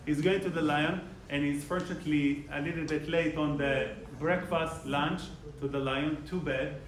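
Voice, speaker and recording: Animated rabbi in an echoey hall. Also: male voice, on the high side, normal speed. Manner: animated, acts out dialogue in changing voices. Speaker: rabbi giving a weekly class. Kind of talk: storytelling sermon with jokes. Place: synagogue hall. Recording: echoey room, mic at a distance, faint noise.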